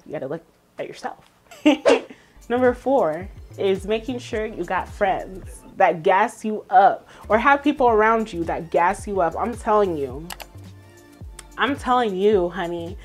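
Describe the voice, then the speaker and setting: A young woman, talking straight to her viewers in a casual motivational vlog, sassy and emphatic, laughing often. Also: medium pitch. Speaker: vlogger.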